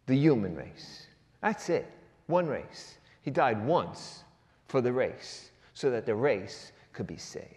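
A male pastor preaching a sermon, asking rhetorical question after question and swinging between loud emphasis and hushed lines. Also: mid-range voice. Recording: long reverb of a large hall.

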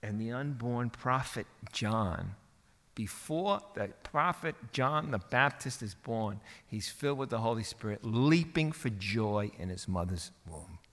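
Animated preacher with a bright voice. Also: male voice, medium pitch, a little slow, big-room sound. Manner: animated, colloquial, swings from quiet to shouting. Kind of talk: sermon.

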